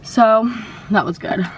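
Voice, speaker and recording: A woman's voice: medium pitch, drawn-out words, slight background noise. A woman in her twenties doing a casual mukbang vlog, chatting upbeat while she eats. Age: 20s. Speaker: food vlogger.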